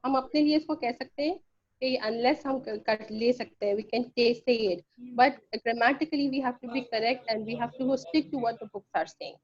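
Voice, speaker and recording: A woman's voice: on the high side, racing. A woman teaching a grammar class online, explaining firmly and repeating key points. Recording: lo-fi online call audio.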